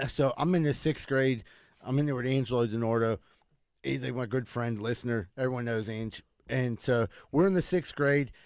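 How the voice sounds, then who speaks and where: A man's voice: medium pitch, normal speed, a little mellow, no echo. A man, co-hosting a podcast, telling profane stories and laughing through them. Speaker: podcast host. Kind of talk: casual storytelling.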